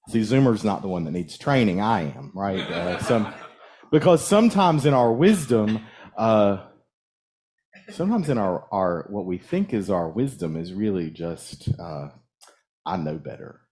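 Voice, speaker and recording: A man minister preaching in a relaxed, conversational way, often stopping to ask the congregation questions. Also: fairly low pitch. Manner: conversational, halting with restarts, asks the audience questions. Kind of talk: casual sermon. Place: church sanctuary.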